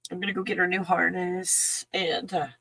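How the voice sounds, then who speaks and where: A woman talking in an emotional, halting casual monologue, breaking off with sighs and soft laughs. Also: on the low side, little pitch movement, vocal fry, husky, low-quality recording. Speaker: channel host.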